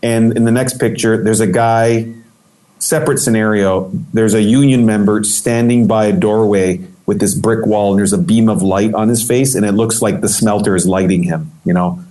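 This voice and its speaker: A man telling a story in an interview as a guest, animated and acting out the voices he quotes, with many restarts. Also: on the low side, moderate pace. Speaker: guest photographer.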